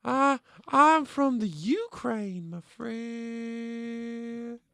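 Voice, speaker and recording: A man's voice: very high-pitched, animated, slow, vocal fry, no room sound, heavily acted. A man voicing a male crook disguised as a flirty woman with a fake Russian accent. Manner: flirty, saucy, teasing.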